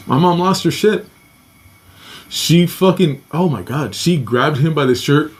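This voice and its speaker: Man, storytelling, profane, fairly high pitch, restless delivery. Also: unhurried. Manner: profane, restless, acts out quoted voices. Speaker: podcast host telling a personal story. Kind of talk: casual spoken storytelling.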